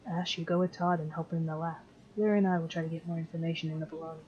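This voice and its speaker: Woman voicing a quiet teenage boy. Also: low voice, little pitch movement, racing, muffled recording, a little hiss or hum, close to an everyday voice.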